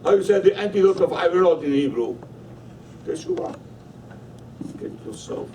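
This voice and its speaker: A man's voice: sits high, huge pitch swings, moderate pace, darkish tone. A man teaching a Torah class in a study hall, emphatic and constantly questioning his listeners. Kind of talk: Torah lesson. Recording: voice from a distance, faint room noise.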